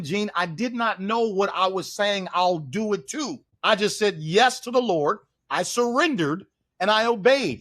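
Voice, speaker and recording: A man's voice: sits high, a bit bright. Emphatic preacherly man from Oakland. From East Oakland, California. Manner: emphatic, preacherly, repeats phrases for stress. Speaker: podcast guest. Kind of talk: podcast interview.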